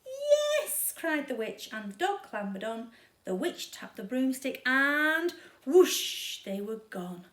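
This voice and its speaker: Expressive woman reading a children's story. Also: on the high side, recorded from a distance. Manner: expressive, dramatic, slow. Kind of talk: children's read-aloud storytime. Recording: echoey room.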